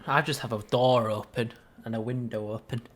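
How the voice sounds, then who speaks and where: A man's voice: medium pitch, steady tone, moderate pace. A young man from Britain co-hosting a film podcast, chatting in an easygoing way. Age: young adult. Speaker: podcast co-host. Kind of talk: casual chat.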